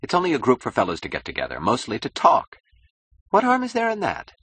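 A man's voice: medium pitch, huge pitch swings, quick pace, a bit bright, breathy edge, dry recording, pitched above the performer's own voice, exaggerated voice. A man voicing an anxious young architect who speaks sharply and defensively.

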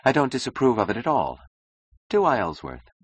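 A man's voice: mid-range voice, huge pitch swings, a little fast, husky, no room sound, pitched above the performer's own voice. A man voicing a cool, mocking young woman who speaks in a languid, ironic drawl.

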